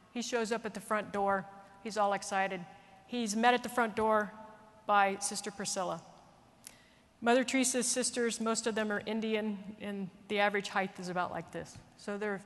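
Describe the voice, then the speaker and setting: A woman military leader telling a story in an earnest, animated way, speaking at a conference. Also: mid-range voice, moderate pace. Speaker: military leader giving a speech. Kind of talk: storytelling speech. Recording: long reverb of a large hall.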